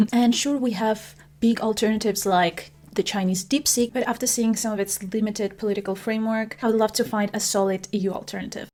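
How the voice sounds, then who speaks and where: A woman vlogger reviewing tech products in a casual, chatty way, self-deprecating and quick to laugh. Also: medium pitch, darkish tone.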